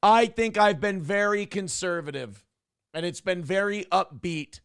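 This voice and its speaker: Brash high-voiced man hosting a stream. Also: unhurried, clear, resonant tone, no room sound, studio quality. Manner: loud, swings between joking shouts and low asides. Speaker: show host reading chat donations. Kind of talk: casual livestream chat.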